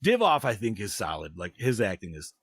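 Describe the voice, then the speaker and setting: A man's voice: fairly low pitch, wildly swooping pitch, brisk, fairly bright tone, breathy edge, no room sound. A man hosting a casual film review podcast. He swears freely, giggles often and keeps losing his place. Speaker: podcast host.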